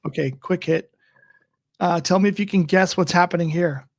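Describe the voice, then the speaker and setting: A man's voice: sits high, normal speed, no room sound, studio quality. A man co-hosting a casual political chat podcast, chatty and wry. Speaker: podcast co-host.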